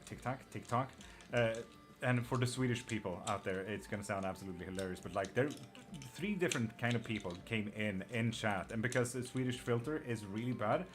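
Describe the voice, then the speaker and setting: Blunt, swearing man with an Irish-sounding lilt. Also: medium pitch. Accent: Irish-sounding, with a twang. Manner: blunt, swears freely, answers chat questions in quick asides. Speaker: live tarot reader. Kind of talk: casual live-stream chat.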